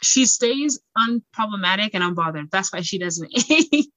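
A young woman from Equatorial Guinea, a pageant titleholder and singer, chatting in an interview with frequent laughter and animated storytelling. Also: mid-range voice, moderate pace, no room sound, highs cut off. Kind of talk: casual interview chat.

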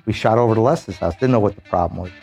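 A man, a police officer, telling an animated story and acting out the voices of the people in it. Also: lowish voice, fast, gravelly, husky, lo-fi sound, soft background music.

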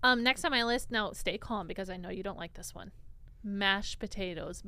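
A woman co-hosting a snack podcast, chatting eagerly with quick, giggly reactions. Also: mid-range voice, bright, forceful tone. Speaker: podcast co-host. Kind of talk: casual chat.

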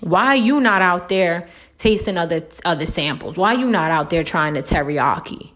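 A woman giving relationship advice in a casual monologue, blunt and profane, tagging nearly every point with a rhetorical "right?" and jumping much higher in pitch when she pushes a point. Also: moderate pace. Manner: lively, swoops up high when making a point.

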